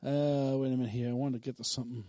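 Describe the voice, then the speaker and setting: A man preaching a sermon who swings between bold, emphatic declarations and quiet, chatty asides to his listeners. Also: medium pitch, little pitch movement, rapid-fire, no echo.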